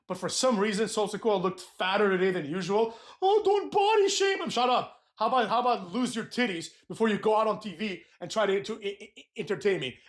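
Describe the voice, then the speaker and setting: A man giving a profane, mocking rant recapping a wrestling show, ripping into wrestlers. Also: high-pitched. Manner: crude, mocking, ranting, mimics wrestlers in whiny voices. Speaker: wrestling commentator.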